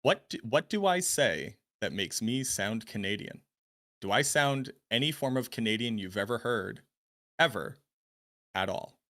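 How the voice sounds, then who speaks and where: A young man with a mild Boston accent hosts a casual stream chat, his pitch swinging widely as he talks. His tone is bright and forward. He tells stories with plenty of swearing. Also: measured pace. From Boston area, USA. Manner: animated storyteller, swears, acts out voices. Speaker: streamer host.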